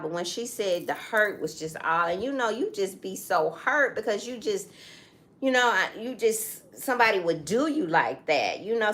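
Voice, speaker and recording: With a medium-pitched, slightly bright voice, a middle-aged woman chats casually alongside her co-host partner. She tells the story with real feeling and keeps turning aside to speak directly to her listeners.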